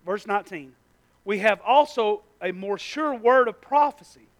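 He preaches in a high, expressive voice at an unhurried pace. Animated stories carry the sermon, his volume rising to shouts and dropping to hushes as he speaks folksily and directly to the people in the pews.

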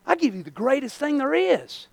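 A man's voice: very high-pitched, sing-song, normal speed, vocal fry, darkish tone, voice pushed up, exaggerated voice. A man voicing a taunting devil who accuses the listener of failure.

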